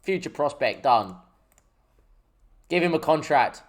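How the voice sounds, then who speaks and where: A young man hosting his gaming channel, chatting casually and jokily as he thinks out loud over gameplay. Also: a little high, expressive, unhurried. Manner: rambling, jokey, thinks aloud while playing.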